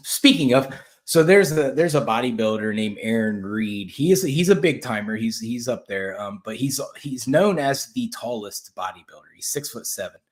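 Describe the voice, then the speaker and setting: A middle-aged man hosting his own podcast, talking bluntly and ramblingly in casual political commentary, swearing freely. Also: on the low side. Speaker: podcast host.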